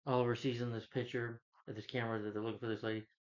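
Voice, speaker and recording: In a slightly dull lo-fi clip, a male video creator races through a TV season recap at very fast speed. His medium-pitched voice stays flat while he rambles, retelling dialogue stuffed with "he's like" and "you know."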